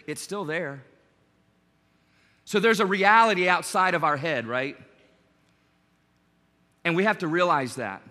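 Bright-voiced man preaching in a reverberant hall. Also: high voice, a little slow, long pauses. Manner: animated, conversational, jokes with the congregation. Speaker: pastor. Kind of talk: sermon.

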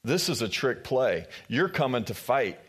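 A man's voice: medium pitch, big pitch swings, measured pace, husky. A man playing an indignant ancient king, a military man, firing off incredulous questions during a sermon retelling. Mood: suspicious.

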